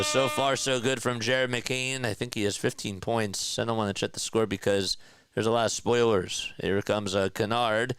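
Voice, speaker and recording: Frustrated fan calling play-by-play. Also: male voice, mid-range voice, bright, forceful tone, clean tone, no echo. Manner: frustrated, exasperated partisan fan. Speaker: amateur play-by-play caller. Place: home room.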